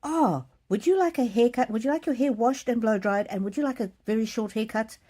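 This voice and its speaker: A cheerful, kindly hairdresser, as a woman storyteller puts her on greets her client in a high, lilting voice. She speaks gently and reassuringly. The tone is soft and mellow rather than sharp. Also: brisk, natural voice. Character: friendly, kind middle-aged woman hairdresser.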